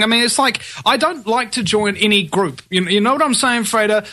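Dude guest on a talk show, high bright voice, gets worked up and rambles. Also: male voice, fairly quick. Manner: animated, incredulous, rambling. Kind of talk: casual chat.

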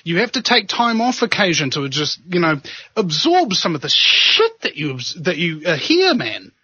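A man with a New Zealand accent hosting a talk show, preaching and joking in an animated, casual way. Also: high-pitched, normal speed, slightly rough, no echo. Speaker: podcast host. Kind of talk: casual chat and monologue. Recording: dull lo-fi sound.

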